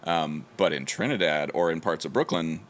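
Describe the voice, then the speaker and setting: A man's voice: extremely low pitch, moderate pace. A man from Ohio in casual conversation, rambling with lots of "like" and restarts. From Ohio, USA. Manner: rambling, many fillers and restarts.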